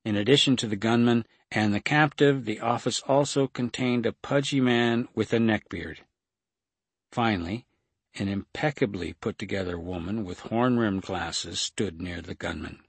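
Male audiobook narrator, measured and steady, husky tone, dry close recording. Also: on the low side, no echo. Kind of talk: scripted narration.

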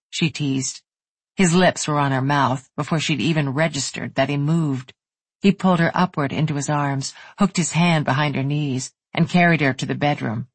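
An audiobook narrator giving a soft, unhurried, intimate reading of a romance novel. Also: mid-range voice, breathy edge, no room sound.

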